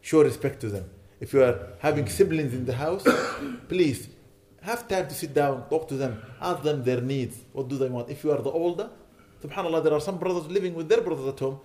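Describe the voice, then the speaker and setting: A man delivers a sermon in an earnest, pleading way, pressing his points with indignant emphasis. His voice is mellow and somewhat high for a man. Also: brisk, hardly any pauses. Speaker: imam.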